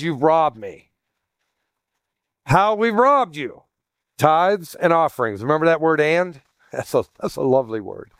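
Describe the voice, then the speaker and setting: A man delivers a sermon as pastor, his voice sitting a little high for a man. He teaches in a conversational way, calling out to "guys" and restarting his phrases. The recording is dry, with no room echo.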